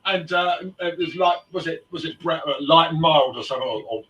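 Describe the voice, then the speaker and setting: A man's voice: on the high side, fairly quick, fairly bright tone, highs cut off. A man hosting a casual chat, talking in a hesitant way with many fillers. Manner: chatty, hesitant, lots of fillers. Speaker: host. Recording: echoey room, mic far off.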